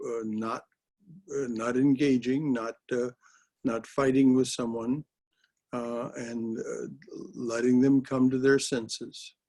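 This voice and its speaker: A man with a husky voice leads a spiritual discussion class. He speaks in a measured, affirming way and pauses often to search for words. He is heard over a video call. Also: medium pitch, level tone, dark tone. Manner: affirming, measured and hesitant with fillers. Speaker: class leader.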